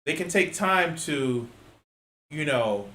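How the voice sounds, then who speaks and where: A man's voice: on the high side, animated, slow, pushed and bright. A man reacting to a video with exasperated, profanity-laced, sarcastic commentary. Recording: echoey room.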